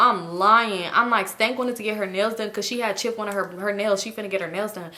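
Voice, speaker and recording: Fast, bright young woman telling a story. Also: mid-range voice, fairly even intonation. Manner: casual slang, heavy use of like and y'all. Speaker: vlogger. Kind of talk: storytime vlog.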